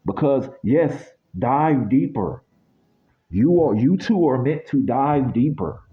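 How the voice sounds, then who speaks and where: A man's voice: medium pitch, expressive, takes it slowly, narrow, tinny audio. A man from the United States giving a casual spiritual reading that turns into a blunt, sweary rant. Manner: blunt, ranting, swears freely.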